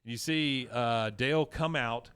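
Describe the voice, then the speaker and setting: A man's voice: medium pitch, slow pace, a bit bright, smooth, dry recording. A man casually recapping a cartoon episode on a podcast, rambling with lots of fillers and acting out the lines.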